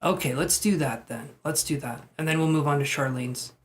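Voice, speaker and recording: A man with a slightly high voice gives tarot readings on a live stream. He chats easily with his viewers and pokes fun at himself. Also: normal speed. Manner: chatty, self-deprecating. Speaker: tarot reader.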